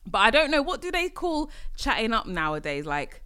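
A woman from London with a London accent, hosting a casual solo podcast, chatty and animated with sudden exclamations. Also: fairly high pitch, normal speed, clear, resonant tone. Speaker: podcast host.

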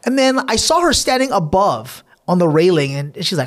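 A man, a teacher hosting a podcast, telling stories in animated casual chat and swearing freely. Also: high-pitched, normal speed.

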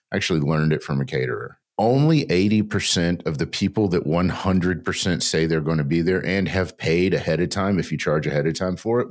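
A man's voice: a bass voice, a little mellow. An older man hosting a casual podcast, rambling and joking, barely stopping for breath. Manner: rambling, jokey, talks without pause. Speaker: podcast host.

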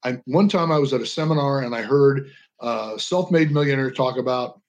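A man's voice: medium pitch, moderate pace. An older man talking as a radio interview guest, telling stories earnestly and with passion, leaning on inflection for emphasis. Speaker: guest, veteran advocate. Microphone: radio call-in line.

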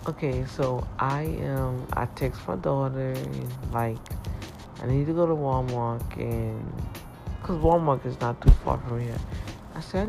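A middle-aged woman speaks straight to her viewers in a personal faith vlog, chatty and emotional. Her voice has a gravelly edge. Praise music plays clearly underneath her. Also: rumbling low. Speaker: vlogger.

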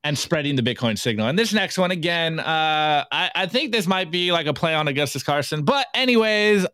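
A man hosting a live podcast, reviewing memes in an energetic, casual way and hyping up his audience with catchphrases. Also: on the high side, brisk, clean tone, no echo, clean studio sound. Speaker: podcast host.

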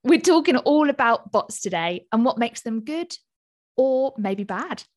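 A woman co-hosting a podcast, introducing the show and asking guests questions in a bright, friendly way. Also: a little high, expressive, a little slow. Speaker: podcast co-host. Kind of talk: scripted podcast hosting and interviewing.

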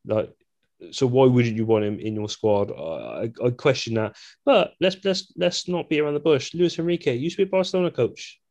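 A man co-hosting a casual football podcast, opinionated and animated, with quick asides. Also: mid-range voice. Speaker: podcast co-host.

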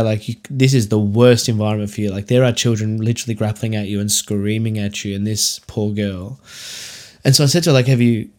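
A man's voice: medium pitch, darkish tone. Candid Australian man podcasting solo. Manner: candid, rambling, lots of fillers and restarts. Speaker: podcast host.

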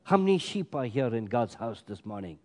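A man preaching a sermon as pastor, emphatic, swinging between loud bursts and quiet asides. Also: mid-range voice, big pitch swings, a little fast. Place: large church hall. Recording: long hall reverb. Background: congregation.

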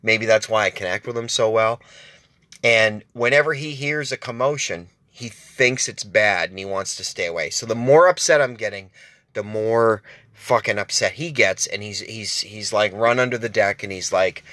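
A man's voice: fairly low pitch, normal speed, sharp tone, no room sound, clean studio sound. A man hosting his own show, telling a rambling, profane story with many restarts and asides. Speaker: podcast host. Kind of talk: casual storytelling monologue.

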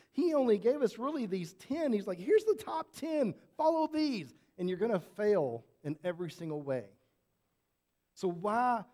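A man's voice: sits high, mellow. A man preaching a conversational sermon as pastor, asking rhetorical questions and often restarting his sentences.

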